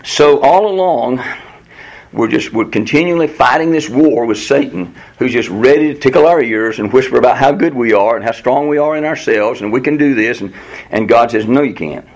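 A man teaching a Bible study in a lively, conversational way, often leaping high in pitch to voice God's replies. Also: moderate pace. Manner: animated, jumps to a high voice when quoting God. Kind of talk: Bible teaching with class discussion.

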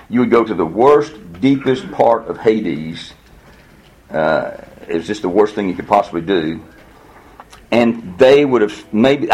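A man's voice: lowish voice, low-quality recording. A man teaching verse by verse through a Bible passage in a conversational way, reading the verses aloud and then explaining them. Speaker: pastor teaching a Bible study.

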